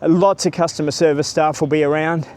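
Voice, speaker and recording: A man's voice: fairly high pitch, steady tone, fairly quick, a little mellow. A man giving a chatty, rambling walking-tour vlog outdoors by a stadium, filming on a handheld camera or phone and greeting passers-by. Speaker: travel vlogger.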